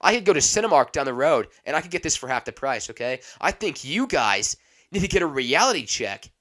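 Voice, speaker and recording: A man's voice: a little high, sing-song, fairly quick, a bit bright, pitched above the performer's own voice. A man voicing a grumpy old man in his seventies, indignant and ranting about prices.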